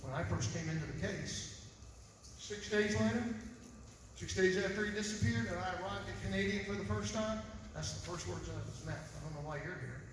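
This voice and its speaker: A fairly high-voiced man speaks as a civil investigator at a press conference, pressing his points hard and firing off rhetorical questions. His voice comes from well off the mic, with a long, booming reverb around it and a faint hiss underneath. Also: moderate pace. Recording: echoey hall, voice far from mic.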